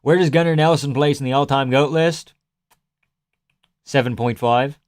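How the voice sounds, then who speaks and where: A man's voice: mid-range voice, moderate pace, smooth, no echo. A young man from Canada chatting casually on a livestream, reading the chat aloud, cursing a lot and making dry jokes. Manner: profane, sardonic, reads chat aloud. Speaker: livestream host.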